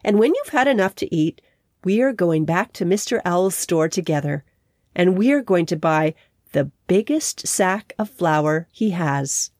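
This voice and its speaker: A woman voicing a gentle, loving mother bear in a storybook, soothing in manner. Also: lowish voice, expressive, unhurried, no room sound, studio quality. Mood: tender. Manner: warm, soothing.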